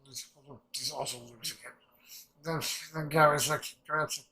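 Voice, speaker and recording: A young man rambling excitedly through a casual reaction commentary, swearing freely and restarting his sentences. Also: a little high, normal speed, low-quality recording. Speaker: anime reaction channel host.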